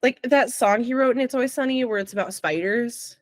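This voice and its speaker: A woman's voice: on the high side, brisk, no room sound. A young adult woman co-hosting a podcast, chatting casually and rambling with lots of giggles and fillers. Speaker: podcast co-host. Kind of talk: casual chat.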